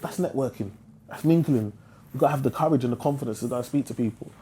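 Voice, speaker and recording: British man, podcast guest, rapid slangy delivery, warm low tone. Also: slight background noise. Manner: animated, slangy, emphatic. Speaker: interviewee, investor. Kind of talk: casual podcast conversation.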